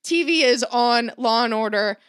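A woman's voice: fairly high pitch, normal speed, a bit bright, clean tone, no echo, studio quality. A woman casually telling a long story in a podcast chat, swearing freely and mimicking the people she quotes. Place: Los Angeles area.

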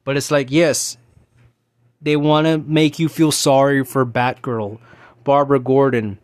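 A man's voice: medium pitch, steady tone, a little slow, no echo, clean studio sound. A man in his thirties hosting a casual solo talk show, rambling and ranting, with many restarts and fillers. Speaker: podcast host.

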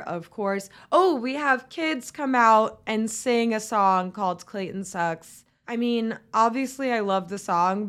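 A woman's voice: mid-range voice, fairly bright tone, clear, resonant tone. A young woman from Florida hosting a solo recap podcast, chatty and sarcastic, with lots of "like" and "oh my God.". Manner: chatty, sarcastic, valley-girl fillers. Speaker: podcast host.

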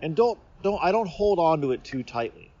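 A man's voice: a little high, big pitch swings, a little fast, mellow. A man from the Seattle area, hosting a podcast in a playful, meandering monologue outdoors under a tree, often stopping and restarting his thoughts. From Seattle area, USA. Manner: meandering, self-interrupting, playful. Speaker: podcast host. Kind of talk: rambling casual monologue. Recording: slightly dull recording.

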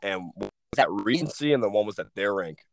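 Low-voiced young man telling stories. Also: expressive, brisk, gravelly, no echo. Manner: rambling, restarts, lots of "like" and swearing. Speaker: podcast guest, former hockey player. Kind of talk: casual storytelling.

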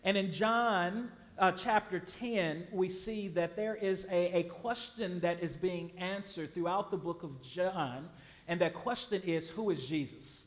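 A man's voice: sits high, a little slow. A man from Chicago preaching a sermon, conversational and emphatic, with fillers and repeated words. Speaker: guest preacher.

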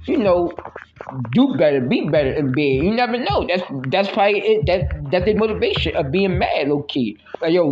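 Guy rambling on his own podcast, blunt and crude, kinda high voice, muffled lo-fi audio w a little hiss. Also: darkish tone. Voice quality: blunt, crude, repetitive, many restarts. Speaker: podcast host. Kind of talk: casual solo podcast monologue. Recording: dull lo-fi with faint hiss.

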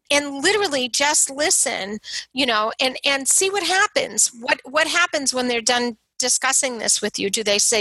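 A woman speaking in a thoughtful, earnest way, her voice bright and a little high. She leans into quoted lines as she talks them through. The sound is close and dry. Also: lively intonation, moderate pace, no room sound, low-quality recording. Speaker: parent of a son with substance use. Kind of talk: casual conversation on recovery support.

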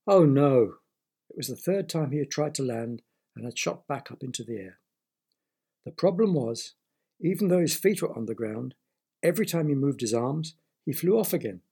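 A man's voice: medium pitch, lively intonation, normal speed, gravelly, mellow, husky. A man reading a children's story aloud, stopping to explain words to young listeners.

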